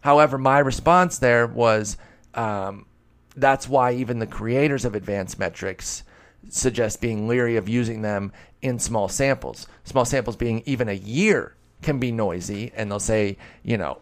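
A man's voice: medium pitch, measured pace. A man hosting a casual solo podcast, answering listener questions in a rambling, self-deprecating way with bits of mock-heated sarcasm.

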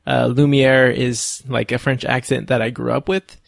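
A man's voice: mid-range voice, flat delivery, moderate pace, creaky, no room sound, studio quality. A man co-hosting a casual film discussion podcast, thoughtful and a bit hesitant, with fillers. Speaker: podcast co-host.

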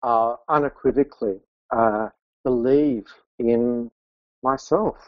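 A man's voice: medium pitch, slow, no room sound, highs cut off. Earnest middle-aged man, dry sound. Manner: earnest, laughs often, openly emotional. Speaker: podcast guest, business mentor. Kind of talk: conversational interview.

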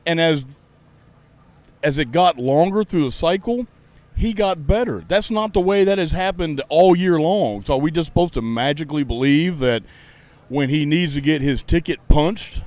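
A man's voice: fairly high pitch, lively intonation, normal speed, darkish tone, no echo. A man, a podcast host and racing fan, ranting in a heated, sarcastic, profane way during a casual chat. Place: outdoors at a racetrack.

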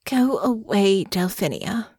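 A woman's voice: mid-range voice, animated, slow pace, darkish tone, slightly rough, no room sound, clean studio sound. A woman voicing a proud young noblewoman who speaks sharply and bitterly, full of indignation. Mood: indignant.

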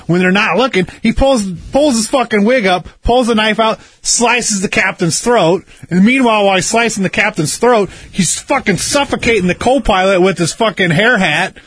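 A man's voice: high-pitched, moderate pace, hardly any pauses, fairly bright tone, husky, no room sound, studio quality. A man in casual chat, rambling through a conspiracy story with heavy swearing and insisting he is right. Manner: insistent, argumentative.

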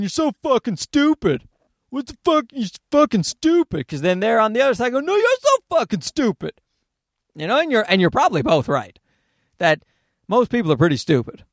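A man's voice: high voice, a bit bright, dry recording, clean studio sound. A man hosting a podcast, rambling through a profane, comedic monologue full of tangents. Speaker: podcast host.

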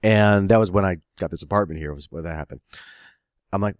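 A man's voice: deep voice, brisk, dry recording, clean studio sound. A man telling a long anecdote about his screenwriting work in a casual chat, laughing often and acting out quoted phone calls. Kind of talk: casual podcast storytelling.

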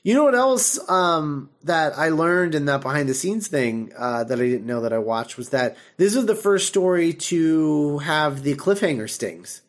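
Animated, laughing male podcast host. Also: fairly high pitch, a little slow, few pauses. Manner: animated, full of fillers, laughs often. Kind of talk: casual chat recapping an episode.

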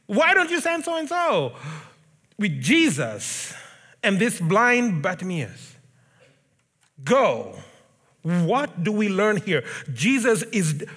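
A middle-aged man preaching a sermon, telling the story in a lively way and acting out the crowd's voices. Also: sits high, in a large hall. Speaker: pastor.

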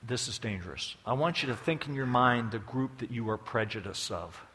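A man's voice: mid-range voice, expressive, moderate pace, bright, forceful tone. A man preaching a sermon as a folksy, joking storyteller, with long hall reverb behind him.

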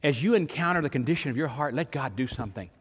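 A man's voice: medium pitch, expressive, quick pace, breathy edge, big-room sound. An older man, preaching a sermon in a conversational storytelling way, with sudden emphatic rises. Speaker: pastor.

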